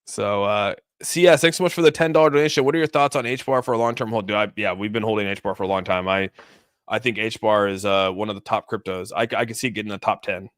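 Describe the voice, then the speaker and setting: Man, low smooth voice, casual livestream chart talk, dry close mic. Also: fast talker, fairly bright tone, no echo. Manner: loose and chatty, many restarts, reads donor messages. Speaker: crypto streamer.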